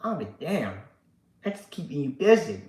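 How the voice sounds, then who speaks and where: A man's voice: fairly high pitch, big pitch swings, a little slow, darkish tone, reverberant, low-quality recording. A sleepy man hosting a casual live stream, reading chat aloud and rambling with lots of fillers and casual swearing. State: sleepy, yawning. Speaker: livestream host reading chat.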